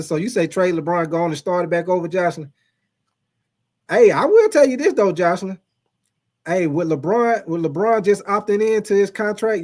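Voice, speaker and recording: A man's voice: fairly high pitch, darkish tone. A man casually hosting a live sports stream, chatting loosely, repeating himself and talking straight to his viewers. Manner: chatty, reads out viewer comments, addresses chat as y'all; informal, repetitive, many fillers.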